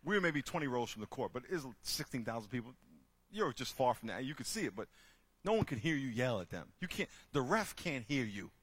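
A man speaking to a group, telling lively stories and acting out the people in them with loud bursts. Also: medium pitch, brisk, breathy edge. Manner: lively, acts out characters with loud shouting bursts. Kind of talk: animated storytelling talk.

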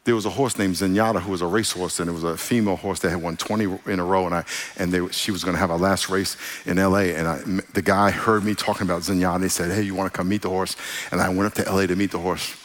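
A man's voice: sits low, fast. Man preaching in an echoing hall. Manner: conversational, animated storytelling with asides. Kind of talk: sermon.

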